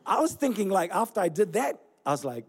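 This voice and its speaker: A man in his forties, originally from Fiji, preaching a sermon as pastor with animated storytelling and self-deprecating humor. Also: high-pitched, brisk, breathy edge. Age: 40s. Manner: storytelling, animated, laughing at himself. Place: church.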